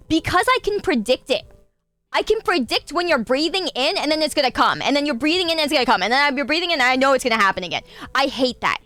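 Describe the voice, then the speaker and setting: A young adult woman streaming, chatting casually with her chat, animated, laughing and swearing freely. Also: high-pitched, no room sound.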